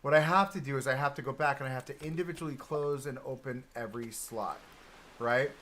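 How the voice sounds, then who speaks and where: On a live game stream, a man building a theme park chats casually and laughs often, explaining his builds as he works. His mid-range voice is fairly quick and a bit bright, with a little hiss or hum in the audio.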